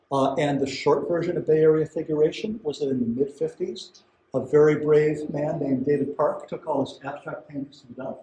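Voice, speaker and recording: A man gives a chatty, conversational art lecture to a museum audience, tossing in asides and questions to the room. His voice is a little high with a dark tone, and the gallery adds a roomy echo.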